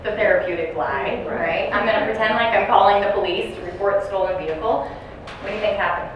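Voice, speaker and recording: A woman's voice: medium pitch, fairly quick, highs cut off. A woman giving a training talk to caregivers, telling stories and putting questions to the audience in a large room. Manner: storytelling, asks the audience questions. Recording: echoey room from far off, noisy.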